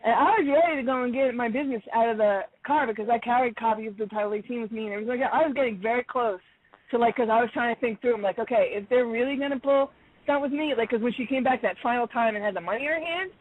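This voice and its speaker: A woman caller telling a story in a casual, animated way, acting out the dialogue and laughing often. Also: on the high side, very fast. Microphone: phone. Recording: tinny phone line.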